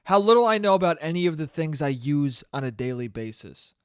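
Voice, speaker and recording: A young man with a high voice rants through his podcast, swearing freely and mocking himself as he acts out petty complaints. The sound is close and dry. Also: very animated, a little fast, clean tone, dry recording. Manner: profane, self-mocking, mimics whiny complaints. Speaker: podcast host. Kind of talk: solo comedic rant.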